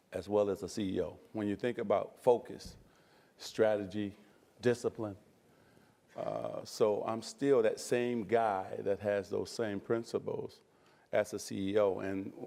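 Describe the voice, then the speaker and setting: Chatty low-voiced man on stage. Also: vocal fry, dark tone. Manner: chatty, laughs often, many "you know" and "uh" fillers. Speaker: guest speaker. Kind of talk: on-stage interview answers. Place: stage before a live audience.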